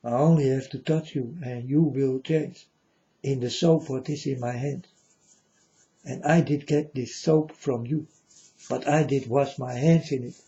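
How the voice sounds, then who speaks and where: A man's voice: medium pitch, steady tone, unhurried, mellow, highs cut off. A man speaking in a rambling, profane monologue, often adding "you know", with non-native English grammar. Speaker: self-styled spiritual speaker. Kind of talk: casual spoken monologue.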